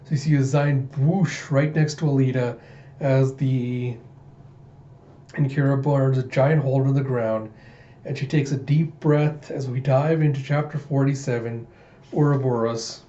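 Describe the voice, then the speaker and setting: A man's voice: mid-range voice, steady tone, a little slow, warm tone, roomy sound, highs cut off. A man casually recapping a manga chapter by chapter in a chatty, enthusiastic storytelling manner. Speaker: manga read-through host.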